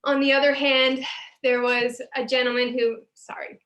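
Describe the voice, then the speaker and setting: A woman's voice: high-pitched, level tone, normal speed, fairly bright tone. A woman paramedic supervisor telling earnest stories from her work during an online CPR class over a video call. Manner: earnest, emotional, with restarts. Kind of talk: Zoom class sharing stories.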